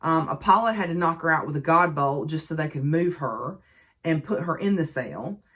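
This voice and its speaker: A woman's voice: low-pitched, animated, moderate pace, fairly bright tone. A woman giving a casual book review and recap, talking in a chatty, conversational way with plenty of fillers.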